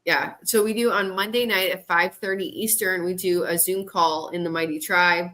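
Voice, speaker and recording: A woman's voice: fairly low pitch, fairly even intonation, normal speed, bright, forceful tone. A woman moderating and co-hosting a casual livestream, chatty and laughing often.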